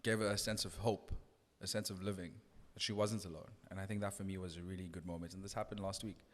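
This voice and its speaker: A man's voice: low-pitched, flat delivery, fast talker, in a large hall. A man who works as a radio DJ, telling a personal story in an earnest, reflective way with frequent restarts. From South Africa. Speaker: radio DJ guest. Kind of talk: casual podcast conversation.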